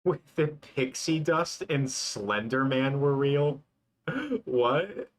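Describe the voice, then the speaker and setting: A young man who animates on a live stream chats casually with viewers while he works, answering their questions. His voice is mid-range and slow, and he rambles, packing his talk with "like."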